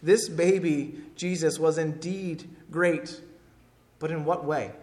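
Emphatic higher-voiced male preacher. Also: fairly even intonation, takes it slowly, darkish tone. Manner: emphatic, repeats key phrases. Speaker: pastor. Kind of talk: sermon.

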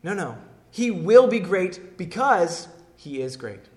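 An emphatic male pastor delivering a sermon, hammering points home by repeating them. His voice sits a touch higher than most men's. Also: very animated, slow, a little mellow. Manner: emphatic, repeats key phrases.

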